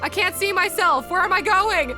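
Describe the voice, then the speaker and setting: A woman's voice: very high-pitched, moderate pace. A woman streamer giving live gameplay commentary, reacting aloud in an emotional, exclamatory way. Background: faint game music.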